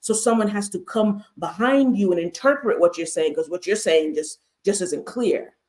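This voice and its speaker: A woman's voice: mid-range voice, normal speed, darkish tone. A woman hosting a livestreamed mental health talk, speaking emphatically with repeated rhetorical questions. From United States. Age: adult with a master's degree. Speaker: host, therapist.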